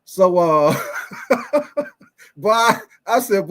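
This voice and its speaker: A young man hosting a casual sports talk show, animated and quick to laugh, repeating his phrases and calling out to viewers. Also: high-pitched. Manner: animated, laughing often, repeats phrases, reads live chat. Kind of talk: casual chat.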